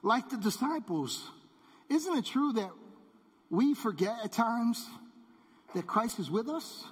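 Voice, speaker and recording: A man preaching a sermon as pastor, emphatic and repetitive, dropping low on key words. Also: sing-song, takes it slowly, slightly rough. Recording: long hall reverb.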